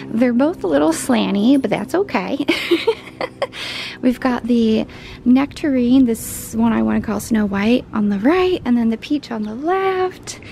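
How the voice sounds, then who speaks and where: A woman's voice: a little high, expressive, a little slow, creaky, noisy background. A woman chatting casually in a home vlog, rambling about her garden and cooing at her dog. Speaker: vlogger.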